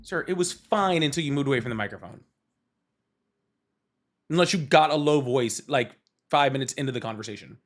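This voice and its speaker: A man's voice: medium pitch, expressive, fairly quick, long pauses. A man hosting a heated political debate, arguing hard, interrupting and repeating his questions. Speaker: host.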